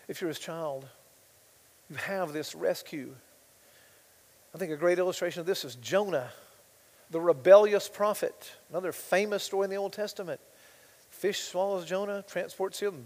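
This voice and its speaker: A male pastor preaching a sermon, swinging between hushed asides and loud, impassioned passages, reading scripture aloud with rising intensity. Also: high voice, long reverb tail.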